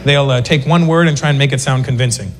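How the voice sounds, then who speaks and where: A man doing a stand-up routine, animated, slipping into voices of the people he mimics, recorded live in a club. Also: medium pitch, fast, in a large hall, a little hiss or hum. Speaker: stand-up comedian. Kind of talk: stand-up routine before a laughing crowd.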